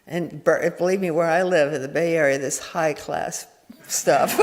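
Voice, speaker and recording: A woman Zen teacher giving an informal dharma talk, meandering and candid, with many restarts and soft chuckles. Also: fairly low pitch, moderate pace. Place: meditation hall. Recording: echoey hall reverb.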